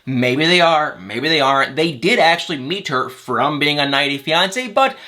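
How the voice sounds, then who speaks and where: A man's voice: on the high side, expressive, normal speed, sharp tone. A man hosting a celebrity gossip vlog, rambling chattily, correcting his own slips and poking fun at himself. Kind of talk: casual chat.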